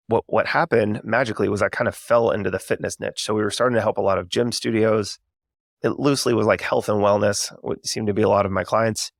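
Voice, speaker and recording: Podcast host, thirties, man; low gravelly voice, earnest unscripted storytelling, dry close sound. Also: no room sound. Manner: conversational, many fillers, earnest and reflective. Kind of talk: candid storytelling monologue.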